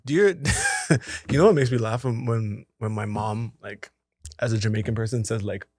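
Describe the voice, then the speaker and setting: A man's voice: on the low side, normal speed, darkish tone, no room sound, studio quality. A man co-hosting a casual podcast chat, slangy and laid-back, laughing often. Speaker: podcast co-host.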